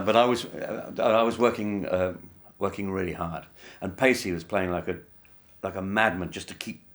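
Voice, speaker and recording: Very low-voiced man from England, wry measured anecdotes for an interview. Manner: wry, measured, with many fillers. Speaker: interviewee, band member.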